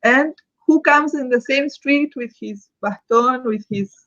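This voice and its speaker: Laughing, lively woman on a muffled call. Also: high-pitched, a little slow. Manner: lively, often laughing as she tells stories. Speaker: museum director. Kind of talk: anecdotal storytelling in a live conversation.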